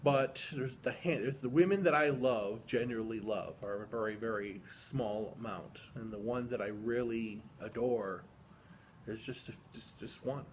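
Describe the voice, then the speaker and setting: A man's voice: medium pitch, steady tone, a little slow, slight background noise. A man talking to camera in a personal video diary, reflective and earnest, rambling with many restarts and fillers. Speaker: vlogger.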